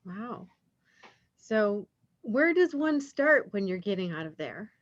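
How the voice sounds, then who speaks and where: A woman's voice: medium pitch, sing-song, slow, dry recording, muffled recording. A woman hosting an interview, asking brief questions and offering short affirmations. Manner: brief prompts and affirming murmurs. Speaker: podcast host. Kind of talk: interview host.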